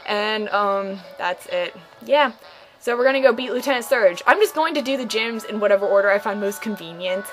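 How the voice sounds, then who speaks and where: A woman's voice: medium pitch, animated, fairly quick, soft background music, poor audio. A woman giving casual, sarcastic commentary over a game playthrough, playfully mocking the characters. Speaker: gaming channel host.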